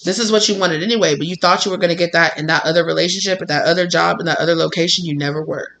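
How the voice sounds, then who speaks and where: Tarot reader: casual, animated, bright tone, quick to laugh. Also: medium pitch, vocal fry. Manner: animated, laughing, acts out quotes. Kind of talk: casual spiritual reading.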